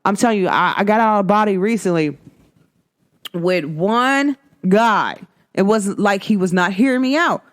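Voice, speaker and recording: A woman's voice: medium pitch, normal speed. A young woman hosting her own show, giving a casual, chatty spiritual energy read to her viewers, repeating herself for emphasis. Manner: chatty, repetitive, emphatic with frequent "like" and "guys". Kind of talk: casual spiritual vlog talk.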